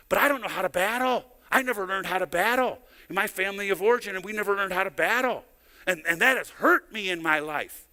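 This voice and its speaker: A man's voice: sits high, sharp tone. A middle-aged male pastor preaching a sermon in a church, telling stories conversationally and often repeating words as he goes. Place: church sanctuary. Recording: long hall reverb.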